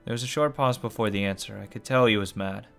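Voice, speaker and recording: A man's voice: lowish voice, quick pace, vocal fry, fairly bright tone, soft background music. A man reading a visual novel aloud as a let's play, swearing and commenting as he goes. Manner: swears and comments between lines.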